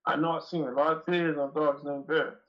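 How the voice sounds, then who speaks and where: Guest: man with a raised, gravelly voice. Rambling, profane storyteller, heard on dull lo-fi audio. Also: on the high side, flat delivery, moderate pace, a bit bright. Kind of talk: casual storytelling interview.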